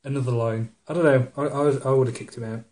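Man, podcast co-host, casual chat, mocking retellings, mid-pitched voice. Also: steady tone, fast, a little mellow. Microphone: studio microphone.

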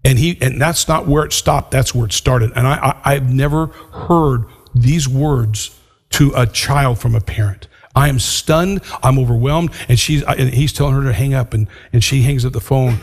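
An older man preaching a sermon as a pastor, earnest and deliberate, slowing down to stress key words. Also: mid-range voice. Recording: long hall reverb.

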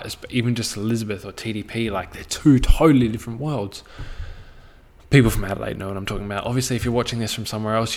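A young Australian man talking straight to camera in a loose, rambling monologue, swearing freely and often trailing off mid-thought. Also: lowish voice. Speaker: vlogger.

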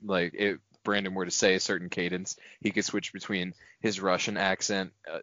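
A man's voice: sits low, little pitch movement, normal speed, sharp tone, dry recording, muffled recording. A young man co-hosting a casual podcast among friends, who laughs often and tells stories in loose, rambling bursts. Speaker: podcast co-host.

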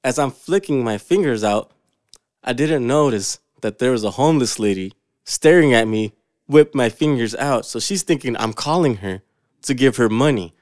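A man's voice: medium pitch, animated, moderate pace, darkish tone, no echo, clean studio sound. A man co-hosting a podcast, telling stories in a laid-back, slangy way and swearing often. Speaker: podcast co-host. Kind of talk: casual chat.

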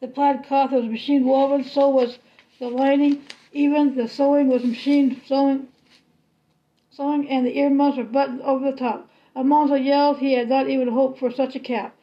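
A woman reading a children's novel aloud in a steady, unhurried storybook manner. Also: high-pitched, highs cut off. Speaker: reader.

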